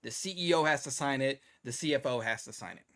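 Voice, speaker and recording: A man's voice: medium pitch, quick pace, a bit bright. A man hosting a casual tech news podcast, sarcastic and laughing often as he comments. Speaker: podcast host.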